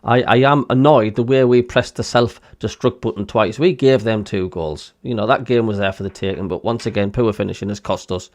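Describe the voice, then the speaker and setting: A man's voice: on the low side, brisk, few pauses, a little mellow, no echo. A man with a Sunderland (Mackem) accent hosting a live football stream, chatting casually and reading out viewer comments with lots of ums. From Northeast England. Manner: chatty, plain-spoken, many ums. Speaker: host of a football watchalong stream.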